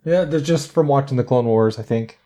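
A man's voice: mid-range voice, a little fast, dark tone. A man co-hosting a podcast in a casual chat, laughing often and giving tentative answers. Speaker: podcast co-host.

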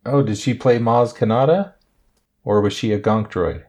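A man's voice: lowish voice, moderate pace, darkish tone. A man co-hosting a podcast in a casual chat, laughing often and giving tentative answers. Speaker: podcast co-host.

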